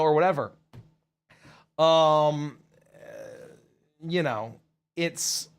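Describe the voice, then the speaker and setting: A man, a voice actor and show host, chatting casually and rambling through viewer questions on a livestream. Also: medium pitch. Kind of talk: casual livestream Q&A, reading chat.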